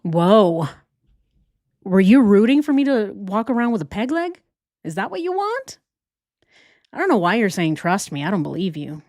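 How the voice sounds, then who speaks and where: A woman's voice: mid-range voice, sing-song, moderate pace, pauses often, darkish tone, dry recording, clean studio sound. Indignant woman reacting to a video. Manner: indignant, rhetorical questions, repeats herself. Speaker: reaction channel host. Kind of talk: casual reaction commentary.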